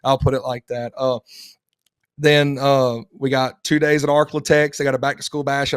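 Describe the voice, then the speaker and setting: A man's voice: a little high, smooth, no room sound, clean studio sound. A man co-hosting a podcast in casual chat, rambling with frequent restarts. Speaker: podcast co-host.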